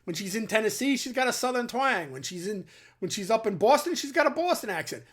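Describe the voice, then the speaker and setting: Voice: medium pitch, very animated, brisk. A middle-aged military veteran from the New York or New Jersey area, hosting his own channel with blunt, emphatic opinion talk aimed straight at his viewers. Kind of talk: opinionated commentary to camera.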